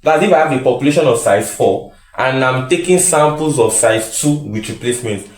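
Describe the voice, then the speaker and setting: A man's voice: medium pitch, expressive, normal speed. A man teaching statistics in a lecture style, repeating key phrases and answering his own questions. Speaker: statistics tutor. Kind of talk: classroom lecture. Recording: echoey room.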